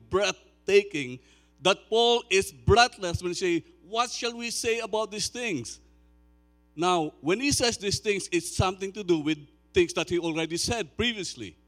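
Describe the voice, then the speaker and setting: Sixty-something preacher, slow emphatic sermon. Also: male voice, high-pitched. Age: 60s. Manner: swells to loud, slow, emphatic declaiming; chatty asides to the congregation. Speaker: pastor.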